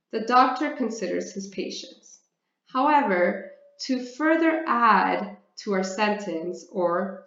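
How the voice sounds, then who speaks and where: Slow, careful woman teaching grammar. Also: medium pitch, fairly bright tone. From Canada. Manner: deliberate, explains step by step, often asks and answers her own questions. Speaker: English teacher. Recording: roomy, slightly dull sound.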